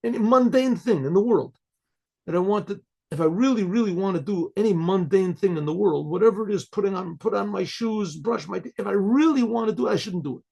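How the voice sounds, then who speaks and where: Older man, rabbi telling a story, gravelly and husky voice, rather high pitch, keeps clearing his throat. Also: fairly quick, a little mellow. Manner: frequent throat clearing, acts out quoted voices. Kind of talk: storytelling talk.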